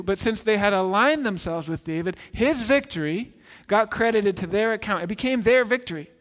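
A man preaching a sermon as pastor, earnest and emphatic, dropping softer on key phrases. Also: sits high, lively intonation, moderate pace, hardly any pauses. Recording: long reverb in a large hall.

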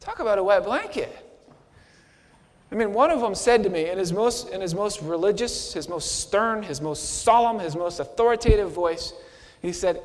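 A man with a high, ringing voice delivers an impassioned first-person sermon, dropping to a hush and then rising to a shout. His voice trails off into the long reverb of a big hall. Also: animated, normal speed. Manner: impassioned storyteller, swings from hushed to shouting. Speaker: preacher.

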